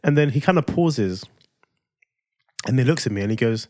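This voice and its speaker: A man's voice: on the low side, measured pace, no echo. A man co-hosting a casual podcast chat, telling a family story and playfully acting out his son's lines. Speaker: podcast co-host.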